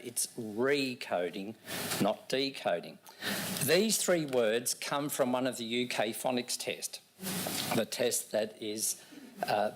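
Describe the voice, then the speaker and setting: A man's voice: mid-range voice, slight background noise. A man, an education consultant giving a conference talk to a room of listeners and joking with them. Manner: teasing, jokes with the audience. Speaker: education consultant presenting at a symposium. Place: lecture room with an audience.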